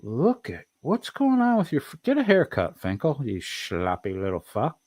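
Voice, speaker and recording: A man's voice: mid-range voice, huge pitch swings, normal speed, darkish tone, a little hiss or hum. A man streaming profane, mocking commentary, swearing constantly and throwing insults at someone in a clip.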